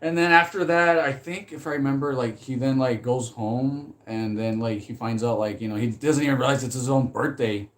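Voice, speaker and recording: A man chatting casually about films in a loose, rambling way. He gets animated, swears freely, and laughs often between thoughts. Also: medium pitch, normal speed, few pauses. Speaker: movie commentary vlogger. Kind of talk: casual chat.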